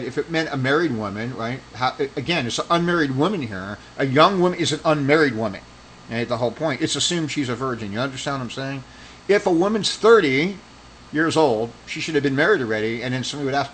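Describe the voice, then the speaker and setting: A man's voice: medium pitch, fast talker, a bit bright, slight background noise, low-quality recording. A man giving a casual religious commentary monologue, rambling and argumentative, with heated accusing stretches. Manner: rambling with restarts.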